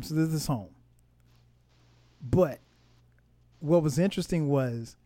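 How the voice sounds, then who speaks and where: Halting, rambling man hosting a podcast. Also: fairly high pitch, warm tone, no echo. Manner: rambling, halting, with many fillers and restarts. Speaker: podcast host. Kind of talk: casual music review chat. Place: home in Atlanta.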